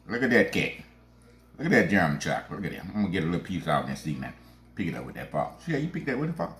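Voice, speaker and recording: A man with a very deep voice hosts a home baking show, with a lively, swooping delivery. He is folksy and exclamatory, calling viewers baby and sweetheart. The sound is echoey, with faint music underneath. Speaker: baking channel host. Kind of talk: casual cooking vlog chat.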